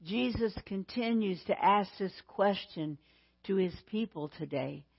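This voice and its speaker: Slow, deliberate woman preacher. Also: medium pitch, gravelly, slightly rough, dull audio. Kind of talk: sermon.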